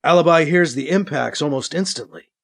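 A man narrating a science-fiction story with a dramatic, expressive reading. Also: fairly high pitch, a little fast, vocal fry. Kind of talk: audiobook narration.

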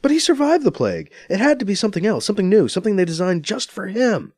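A man voicing a grieving, sharp-tongued young woman scientist, in a high, strained and emotional voice. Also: wildly swooping pitch, normal speed, no echo, studio quality, heavily acted. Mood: distraught.

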